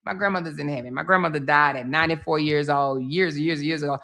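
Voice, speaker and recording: Livestream host, woman, chatty storyteller, low-ish voice, swears freely. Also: quick pace, sharp tone. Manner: chatty storytelling, swearing, acts out others' lines. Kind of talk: casual livestream commentary.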